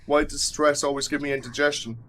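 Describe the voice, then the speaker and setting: A man's voice: on the high side, steady tone, fairly quick, a bit bright, a little hiss or hum, lightly acted. A man reading aloud the lines of a frightened teenage schoolgirl from a video game, in his own voice.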